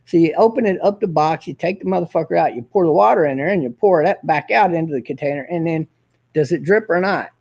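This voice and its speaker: A man's voice: a little high, lively intonation, fast talker, vocal fry, darkish tone, slightly rough, dull audio. A man hosting his own show, ranting in a profane, combative and boastful way. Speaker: host. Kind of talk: casual ranting monologue.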